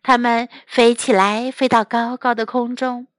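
Woman teacher, children's story reading, high voice, dry close sound. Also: no room sound. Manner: slow, clear and expressive storytelling. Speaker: English teacher.

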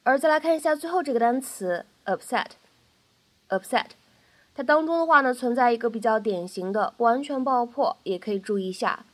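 Patient woman teaching pronunciation, bright-pitched. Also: animated, normal speed. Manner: patient, repeats each phrase three times, many soft fillers. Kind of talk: explanatory lesson narration.

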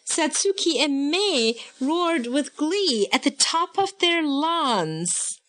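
A woman's voice: high voice, sing-song, takes it slowly, a bit bright. A woman reading a picture book aloud in a playful way, chanting the sound effects. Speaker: storybook reader.

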